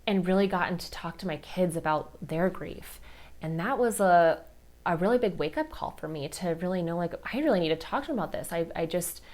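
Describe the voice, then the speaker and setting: A woman's voice: on the low side, darkish tone. A woman hosting a podcast, telling a personal story in an open, emotional way, full of "like" and "you know". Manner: chatty, many fillers like "like" and "you know"; open and emotional about grief. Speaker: podcast host.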